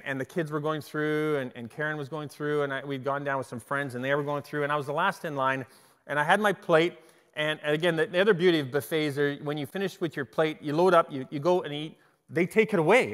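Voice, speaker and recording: Animated male pastor in a reverberant hall. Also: on the high side, brisk. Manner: animated storytelling with repeated restarts. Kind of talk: sermon.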